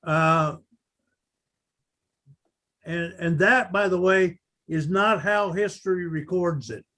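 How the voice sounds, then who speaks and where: A slow, deliberate older man with a fairly high voice, recounting a battle in unscripted talk. He halts often and leans on fillers as he pieces his account together. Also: bright, forceful tone. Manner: halting, full of uh fillers. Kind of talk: unscripted recollection.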